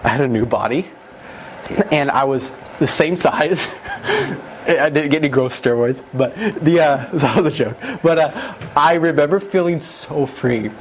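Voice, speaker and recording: A man giving an emotional testimony as a guest, retelling it with excited, animated emphasis that jumps up at key moments. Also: a little high, a little slow, a little hiss or hum.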